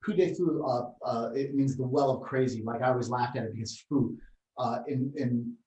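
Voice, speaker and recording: A man co-hosting a podcast, chatting in a halting way with repeated fillers. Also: mid-range voice, fairly even intonation, a little mellow, far from the mic, highs cut off. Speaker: podcast co-host. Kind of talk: casual chat. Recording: echoey, off-mic.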